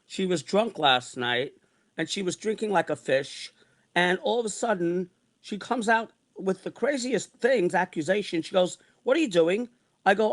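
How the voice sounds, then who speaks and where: A man's voice: high voice, fairly bright tone. Agitated man in his sixties ranting. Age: 60s. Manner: heated, repetitive, swearing. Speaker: vlogger. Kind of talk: angry personal rant.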